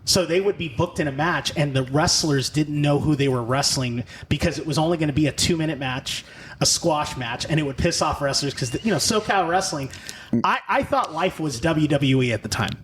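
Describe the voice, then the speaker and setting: Animated storytelling man, faint noise. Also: a little high, fairly quick. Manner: animated storyteller, laughs often. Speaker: podcast host. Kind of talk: casual interview chat.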